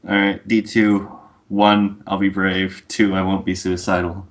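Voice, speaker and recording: A man playing a tabletop game, speaking in a wry, low-key way. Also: monotone, unhurried. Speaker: player. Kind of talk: casual game table chat.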